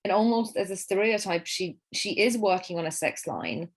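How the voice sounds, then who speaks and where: A woman actress from Poland speaking English with a Polish accent, answering interview questions in an animated way with many fillers and repeated words. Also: medium pitch, normal speed.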